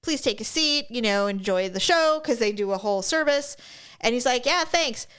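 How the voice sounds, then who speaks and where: A woman's voice: normal speed, clear, resonant tone. A middle-aged woman co-hosting a podcast, telling stories in casual chat and acting out the people in them. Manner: animated storyteller, acts out people with big pitch jumps. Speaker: podcast co-host.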